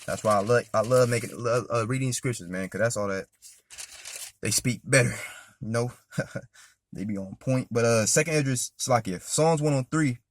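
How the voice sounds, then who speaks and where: A man reading scripture aloud and commenting on it in a casual, emphatic way. He keeps checking in with "man" and "all right?", and he reads the verses louder and slower. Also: mid-range voice, no echo. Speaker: scripture reader and preacher.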